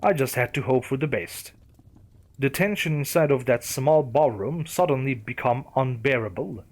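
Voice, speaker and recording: A man reading a first-person horror story aloud with a steady storytelling delivery. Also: medium pitch, normal speed. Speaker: narrator. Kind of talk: scripted horror story narration.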